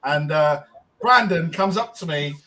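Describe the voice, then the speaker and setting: A man's voice: on the high side, animated, a little slow, pushed and bright, poor audio. A man co-hosting a podcast, telling a long casual story with lots of ums and restarts. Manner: rambling, frequent ums and restarts. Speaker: podcast co-host.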